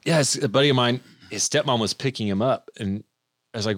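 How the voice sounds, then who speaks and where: A man's voice: mid-range voice, fast, fairly bright tone, no echo, studio quality. A man, a podcast guest, tells a rambling story in casual chat, often breaking off and restarting. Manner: rambling, self-interrupting storyteller. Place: room with other people and mics. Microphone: studio mic.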